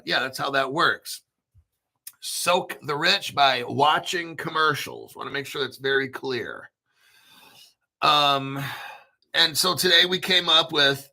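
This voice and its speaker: A man hosting a crypto show in a casual livestream rant, profane and brash, often clearing his throat. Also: medium pitch, bright, forceful tone.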